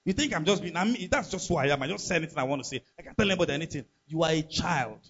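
Pastor, emphatic sermon, husky voice, muffled lo-fi recording. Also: male voice, on the high side, lively intonation, racing, fairly bright tone. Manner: emphatic, preaching with rhetorical questions to the congregation.

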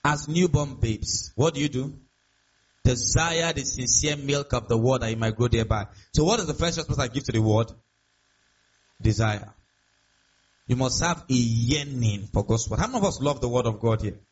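A man's voice: medium pitch, moderate pace, slightly rough. A man preaching a sermon as pastor, emphatic and repetitive, often asking the congregation rhetorical questions. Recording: dull lo-fi sound.

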